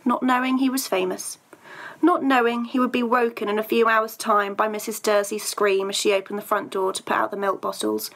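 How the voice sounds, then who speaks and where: A woman's voice: on the high side, fairly bright tone. A woman teacher reading a story aloud to her pupils, then chatting about a task with a few hesitant fillers.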